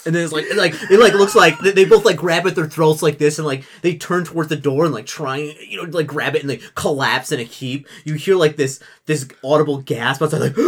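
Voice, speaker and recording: A man's voice: a little high, fairly even intonation, brisk, few pauses, background noise. A man narrating a tabletop game as its game master. His talk rambles, full of fillers and restarts, and he laughs often as he describes what happens. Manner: rambling, lots of likes and restarts, laughs a lot.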